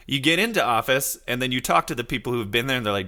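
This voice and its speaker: A man in his thirties hosting a casual solo podcast, rambling loosely and reacting to his chat, now and then slipping into high silly voices to quote people. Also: lively intonation, quick pace, pushed and bright. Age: 30s. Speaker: podcast host.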